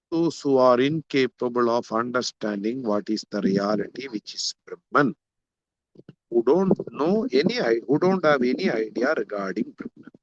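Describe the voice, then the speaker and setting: Teaching a scripture class, a man in a mid-range, slightly bright voice works through Sanskrit terms individually, repeating ideas to drive them home as he explains a Sanskrit text. There's no echo, but the recording sounds muffled.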